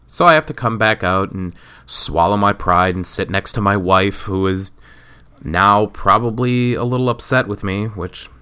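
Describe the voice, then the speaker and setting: A man's voice: lowish voice, normal speed, bright, forceful tone, smooth. A man hosting his own podcast, ranting sarcastically and profanely in a rambling casual monologue. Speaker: podcast host. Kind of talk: casual solo rant.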